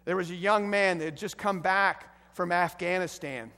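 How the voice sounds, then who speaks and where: A middle-aged man preaching a sermon as pastor, emphatic and building to loud bursts. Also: high voice, normal speed, long reverb tail.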